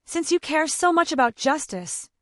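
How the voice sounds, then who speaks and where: A man's voice: very high-pitched, big pitch swings, normal speed, a bit bright, dry recording, pitched above the performer's own voice, heavily acted. A woman narrator puts on an arrogant male manager in an audio story. He sneers his words with open contempt, and the sound is dry and close. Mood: sneering.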